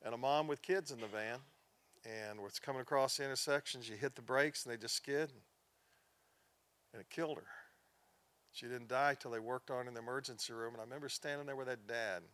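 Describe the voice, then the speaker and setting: A man's voice: mid-range voice, brisk, fairly bright tone. Earnest male pastor telling stories. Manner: earnest storytelling, drops to near-whispers in sad moments, rises in emphasis. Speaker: pastor teaching a class. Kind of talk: sermon-style teaching.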